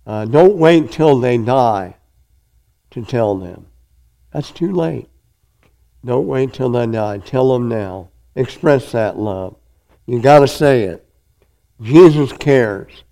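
A male pastor preaching a sermon, reading scripture aloud and pressing each point with emphatic, drawn-out phrasing. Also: mid-range voice, animated, mellow, low-quality recording.

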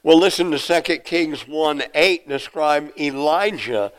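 A man's voice: on the high side, measured pace, clear, resonant tone, rough recording. A man preaching an expository sermon, reading scripture aloud and explaining it verse by verse. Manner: acts out the questioners' lines in a raised voice.

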